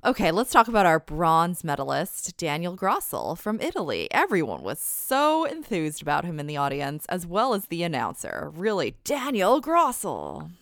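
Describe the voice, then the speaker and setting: Low-voiced, lively woman co-host. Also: normal speed, few pauses, dry recording, studio quality. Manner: lively and giggly. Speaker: podcast co-host. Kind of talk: casual chat reviewing figure skating.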